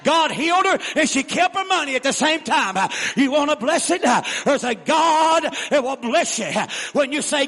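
A man preaching a revival sermon, shouting and laughing as he tells folksy stories. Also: extremely high pitch, lively intonation, moderate pace, few pauses, big-room sound.

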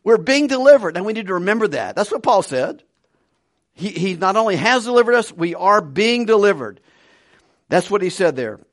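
A man preaching a conversational Bible study sermon with animated delivery and frequent chuckles. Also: high voice, moderate pace, no echo, studio quality. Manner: conversational, animated, laughs between points.

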